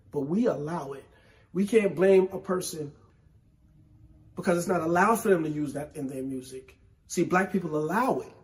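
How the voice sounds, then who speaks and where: A man from New York City hosting a solo hip hop show, with a New York accent, talking slowly and emphatically in casual commentary. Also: fairly high pitch, darkish tone. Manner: slow, emphatic, conversational with repetition. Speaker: podcast host.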